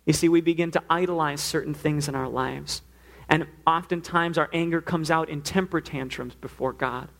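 A man's voice: a little high, steady tone, moderate pace, fairly bright tone. A man preaching a sermon, earnest, now and then acting out the pleas he quotes. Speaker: pastor.

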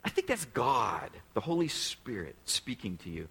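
A man's voice: mid-range voice, wildly swooping pitch, moderate pace, sharp tone, slightly rough, low-quality recording. A male pastor preaching a sermon in a conversational way, often putting direct questions to the congregation.

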